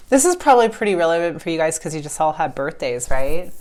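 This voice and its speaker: A woman giving a casual tarot reading to her viewers, frank and blunt, sometimes swearing, and at times reading a book passage aloud in a calm, measured way. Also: low voice. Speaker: tarot reader. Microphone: clip-on mic.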